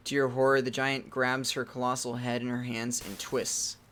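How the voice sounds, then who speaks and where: A man's voice: medium pitch, flat delivery, moderate pace, slight background noise. Man reading a text adventure aloud. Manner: reads game text aloud, then breaks off into loud startled exclamations. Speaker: let's-play gamer reading a text game aloud.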